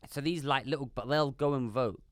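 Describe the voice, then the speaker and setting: Halting man with a smooth dry voice. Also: medium pitch, dry recording. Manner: halting, full of restarts and fillers. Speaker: podcast co-host. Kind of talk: casual chat.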